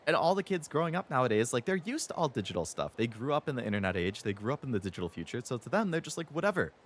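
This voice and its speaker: Animated male streamer in a profane rant. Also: medium pitch, rapid-fire. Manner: heated, profane, mocks companies in sarcastic put-on voices. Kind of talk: ranting live-stream chat.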